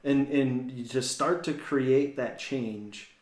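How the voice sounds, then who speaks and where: A man co-hosting a casual faith-based talk, thinking out loud and often checking in with "right?". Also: mid-range voice, takes it slowly. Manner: says "right?" a lot, reflective, backs up his co-host. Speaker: podcast co-host. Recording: echoey room.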